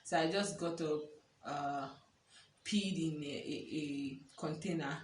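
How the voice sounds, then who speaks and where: A young woman telling a personal story in casual chat, animated and laughing often as she acts out what people said. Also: low-pitched, slow pace, a little hiss or hum. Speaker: vlogger. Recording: echoey room, a bit far from the mic.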